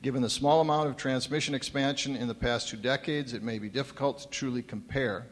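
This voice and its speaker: A man's voice: mid-range voice, fairly even intonation, fairly quick, long reverb tail. A man giving prepared remarks as a commissioner on a conference panel, reading from notes with dry humor.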